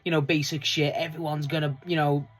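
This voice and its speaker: A wrestling fan reviewing last night's show in a loose, chatty vlog, swearing freely and laughing often, with the voice jumping up high when excited. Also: fairly quick. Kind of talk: casual solo review vlog.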